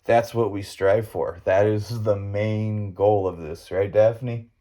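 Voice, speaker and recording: Casting: middle-aged male podcast host, low mellow voice, folksy rambling storyteller who swears casually. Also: steady tone, slow.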